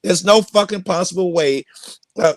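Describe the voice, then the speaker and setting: A man's voice: high-pitched, moderate pace, no echo, clean studio sound. A man arguing bluntly and passionately in a heated podcast debate, swearing freely. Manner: blunt, profane, impassioned. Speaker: host.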